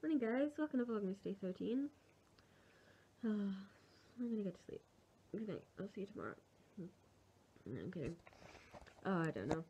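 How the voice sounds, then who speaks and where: A woman's voice: mid-range voice, sing-song, normal speed, long pauses, dark tone, slight background noise. A young woman with a sore throat, chatting casually and rambling through her plans in a home vlog. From England. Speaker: vlogger. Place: at home, indoors.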